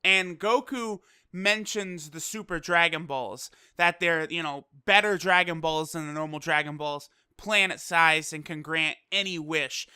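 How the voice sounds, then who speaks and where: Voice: medium pitch, measured pace, few pauses, sharp tone, smooth, no room sound, studio quality. A casual anime episode reviewer recapping the plot, chatty and loose, swearing and laughing easily. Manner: loose, full of fillers like "you know".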